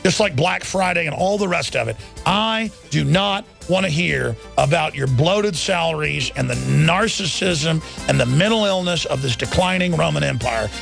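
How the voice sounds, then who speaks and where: A man's voice: fairly high pitch, lively intonation, normal speed, gravelly, hardly any pauses, fairly bright tone, faint music behind. A man hosting a talk radio show, ranting angrily and repeating himself as he works up his outrage.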